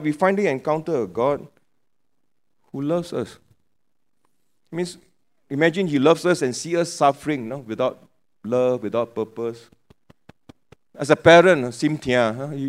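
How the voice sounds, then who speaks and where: Joking preacher with a Penang accent. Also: male voice, mid-range voice, normal speed, long pauses. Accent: Penang English. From Penang, Malaysia. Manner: chatty, joking asides with local particles. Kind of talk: sermon.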